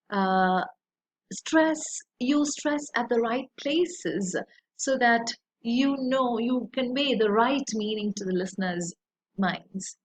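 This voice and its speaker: A woman, teaching a lesson in a slow, deliberate way, with many fillers. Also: medium pitch. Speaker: English teacher. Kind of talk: recorded lecture.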